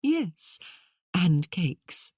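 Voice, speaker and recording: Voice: mid-range voice, very animated, extremely slow, mellow, husky, no room sound, studio quality, exaggerated voice. An audiobook narrator voicing a polite, hospitable aristocratic lady. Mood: gracious. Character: gracious aristocratic lady Cecilia.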